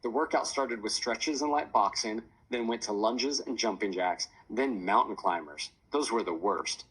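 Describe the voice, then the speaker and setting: A man narrating a children's chapter book in a lively storytelling voice. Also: fairly low pitch, normal speed, slightly rough, low-quality recording. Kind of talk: audiobook narration.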